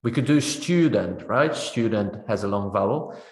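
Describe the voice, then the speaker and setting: In a webinar teaching demonstration, a man with a lowish, slightly mellow, animated voice leads a teacher-training session on pronunciation. Speaking at a measured pace in a roomy-sounding space, he explains things step by step and often checks in with "right?"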